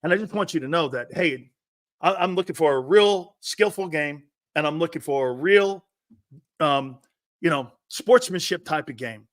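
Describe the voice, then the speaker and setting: A man's voice: fairly high pitch, normal speed, fairly bright tone, lightly acted. A man putting on the voice of a meek, overly polite male football lineman who talks in a timid, apologetic, fawning way. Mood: meekly polite.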